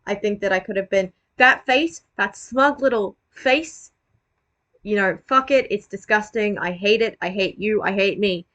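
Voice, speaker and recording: A woman's voice: medium pitch, measured pace, a bit bright. A woman giving casual, self-deprecating commentary on her own old video, rambling, swearing and restarting her sentences.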